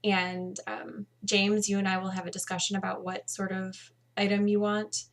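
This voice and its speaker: A woman, hosting a casual video podcast at home, chatty and tired with bursts of excitement. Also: medium pitch, moderate pace. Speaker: podcast host.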